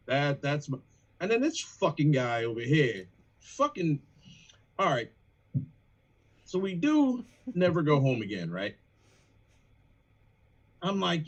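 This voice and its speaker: A man, a rapper in a band, chatting casually on a livestream, animated and profane as he breaks down lyrics. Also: fairly high pitch, a little slow, pauses often, husky, muffled recording.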